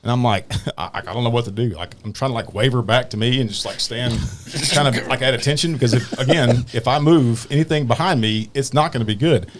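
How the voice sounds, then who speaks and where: A man's voice: medium pitch, a little fast, slight background noise. A man, a police officer hosting a podcast, telling a story in casual chat with many restarts. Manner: rambling, many restarts, laughs through his story.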